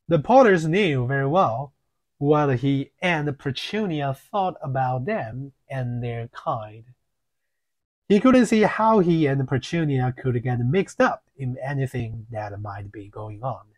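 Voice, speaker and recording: A man narrating an audiobook in a measured reading, with occasional filler slips. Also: mid-range voice, lively intonation.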